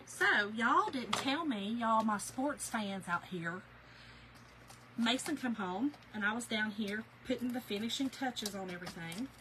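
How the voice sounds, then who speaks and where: A woman with a drawl chats with her livestream audience in an animated, storytelling way. Her voice is bright and sits a little high. Faint room noise hums in the background. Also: unhurried, rough recording. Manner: chatty, animated storyteller, laughs often. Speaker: craft channel host. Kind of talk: casual livestream chat with viewers. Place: home.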